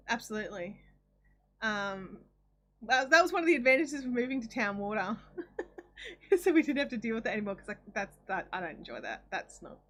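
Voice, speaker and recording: A woman's voice: on the high side, bright, forceful tone. An Australian woman hosting a live craft stream from her home desk, chatting casually, reading viewer comments aloud and rambling with ums and restarts. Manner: chatty and rambling, with frequent ums and self-corrections.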